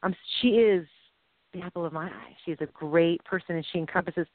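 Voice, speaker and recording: A woman's voice: on the low side, brisk, dry recording. A middle-aged woman co-hosting a faith-based chat show, talking in an emotional, rambling way with playful sound effects. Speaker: co-host. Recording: tinny phone-like dry audio.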